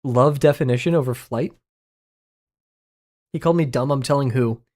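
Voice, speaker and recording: Excitable, swearing live streamer. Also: medium pitch, moderate pace. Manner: excitable and joking, swears freely, laughs often; reacts aloud to viewers' chat messages. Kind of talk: casual live-stream chat with viewers.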